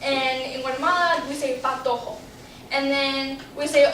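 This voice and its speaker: A woman's voice: high-pitched, fairly even intonation, moderate pace, a bit bright, slight background noise. Young woman giving a class talk. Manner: chatty, explains with examples, light laughs. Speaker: student giving a class presentation. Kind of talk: informative class speech. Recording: roomy classroom audio from a distant camera.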